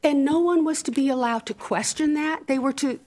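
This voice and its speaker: A woman's voice: high voice, moderate pace, darkish tone. A woman serving as an appellate judge, questioning an attorney with pointed, probing questions. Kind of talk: questioning counsel in court.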